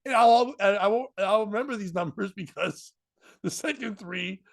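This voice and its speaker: A comedian telling a story in casual chat, slipping into voices and laughing often. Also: male voice, sits high, moderate pace, gravelly. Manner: animated, jumps into voices and laughs.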